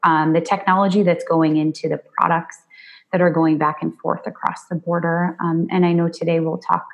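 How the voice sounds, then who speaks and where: A woman guest on a podcast, an attorney, with a notably deep voice for a woman. She answers in a measured, deliberate way, filling her pauses with frequent "um"s. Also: level tone, creaky, muffled recording. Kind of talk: interview answers.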